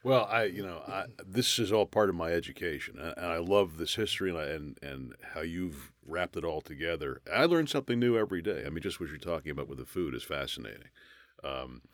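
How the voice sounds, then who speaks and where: A man's voice: low-pitched, animated, fairly quick, dry recording. A man from New York, a guest on a radio interview, telling enthusiastic stories and often restarting his sentences. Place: radio studio.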